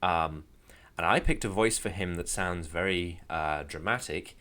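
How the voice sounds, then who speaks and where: A man with a very low voice chats casually as a podcast co-host. He rambles a little and slips in dry jokes at his own expense. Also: measured pace, sharp tone. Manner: rambling, dry self-deprecating humor. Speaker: podcast co-host and game master. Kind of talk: casual chat.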